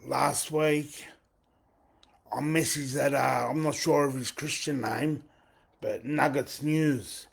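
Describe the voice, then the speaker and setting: Aussie guy in his 40s on a live stream, rambly and repeats himself a lot, really husky voice. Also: mid-range voice, fairly even intonation, slow. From Australia. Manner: repetitive, circling back on his own phrases. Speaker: livestream host.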